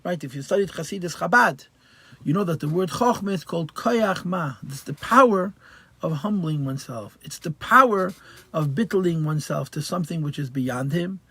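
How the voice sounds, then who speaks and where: A rabbi gives a Torah class, working through verses line by line. His voice sits a little high for a man, and he leans hard on key words. The sound is dry and close. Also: lively intonation, moderate pace, slightly rough, no room sound. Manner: translates verse by verse, mixing Hebrew and Yiddish terms into English; emphatic, stresses key words loudly.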